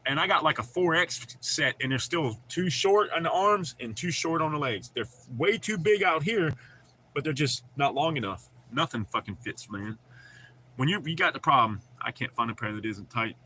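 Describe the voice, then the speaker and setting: A man's voice: fairly high pitch, expressive, normal speed, bright, forceful tone, a little hiss or hum. A man hosting a livestream, chatting casually with viewers, laughing often and swearing freely. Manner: profane, laid-back, laughs often. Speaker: livestream host.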